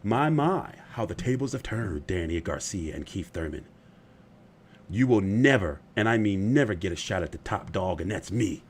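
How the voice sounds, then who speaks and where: Guy with ranting about boxing, rambling and cussing, talks to his viewers. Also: lowish voice. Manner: opinionated, rambling, profane. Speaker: boxing commentary host. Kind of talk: casual boxing commentary.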